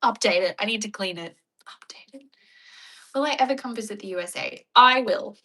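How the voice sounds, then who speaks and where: A woman's voice: medium pitch, fast, sharp tone, rough recording. An Australian woman with an Australian accent, chatting casually with her viewers and wandering off on tangents. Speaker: streamer answering viewer questions. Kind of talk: casual chat.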